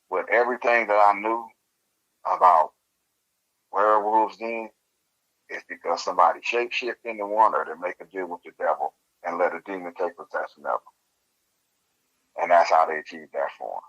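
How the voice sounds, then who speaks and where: Deep-voiced man, lo-fi line. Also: normal speed, pauses often. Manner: animated, laughs while telling the story. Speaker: interview guest. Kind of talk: casual storytelling.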